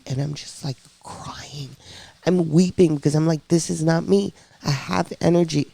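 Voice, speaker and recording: A woman on a podcast telling her own story in a casual, lively way, acting out the voices of people she quotes. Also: sits low, moderate pace, creaky, dry recording.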